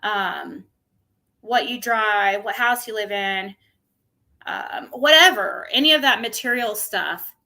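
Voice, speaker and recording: A woman's voice: medium pitch, takes it slowly, bright, forceful tone. A woman streamer chatting casually to her viewers, rambling, with many restarts. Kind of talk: casual chat.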